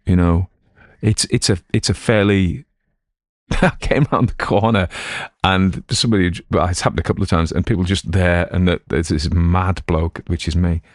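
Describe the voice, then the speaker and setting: A man's voice: deep voice, steady tone, normal speed, dry recording, clean studio sound. A middle-aged Cumbrian man from Cumberland, an audiobook host chatting in a digressive, self-mocking way. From Cumberland, England. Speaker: audiobook reader and channel host. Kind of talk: casual rambling chat.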